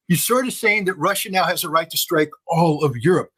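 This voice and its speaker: An older man holds forth in fast political commentary, pressing each point hard. His voice sits a little high, and he repeats phrases for emphasis. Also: fairly bright tone, slightly rough. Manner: emphatic, rapid, repetitive phrasing. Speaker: guest commentator.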